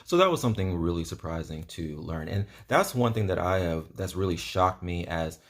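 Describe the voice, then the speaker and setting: A man's voice: deep voice, animated, moderate pace. A man talking casually to camera in a vlog, rambling earnestly with lots of ums and you-knows. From United States. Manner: earnest and enthusiastic. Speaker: vlogger.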